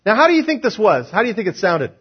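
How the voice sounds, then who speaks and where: A man's voice: sits high, sing-song, quick pace, breathy edge, highs cut off. A man preaching a sermon as pastor, asking the congregation questions and acting out the words of others.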